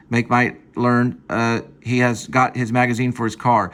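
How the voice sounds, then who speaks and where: A man casually reading his own screenplay aloud at home, halting and stopping to fix lines. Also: medium pitch, a bit bright. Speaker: screenplay reader. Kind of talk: casual screenplay read-through.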